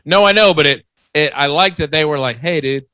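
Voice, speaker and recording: A man's voice: a little high, fairly quick, pushed and bright, smooth, no room sound. A man co-hosting a podcast, riffing and teasing playfully in casual banter. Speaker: podcast co-host.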